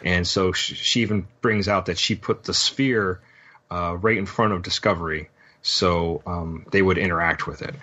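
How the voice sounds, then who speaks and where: A man with a very deep voice talks through a show recap in a loose, meandering podcast chat, stopping often to fill gaps with ums and uhs. The sound is dull and lo-fi. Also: fairly even intonation, normal speed, sharp tone. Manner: rambling, full of ums and uhs. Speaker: podcast host. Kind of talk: casual episode recap.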